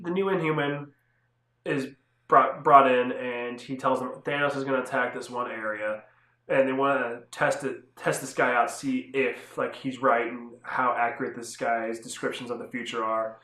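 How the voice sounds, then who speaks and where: A man's voice: mid-range voice, a bit bright. A young man casually reviewing comic books on his channel, talking loosely with lots of fillers and restarts. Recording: echoey room.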